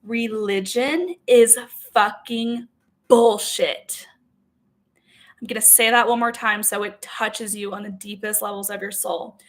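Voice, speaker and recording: A woman's voice: mid-range voice, level tone, brisk, few pauses, fairly bright tone. A woman in an emotional, heavily profane personal monologue as a spiritual self-help creator, talking in loose run-on sentences full of "like" and "okay?". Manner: blunt, heavily profane, emphatic.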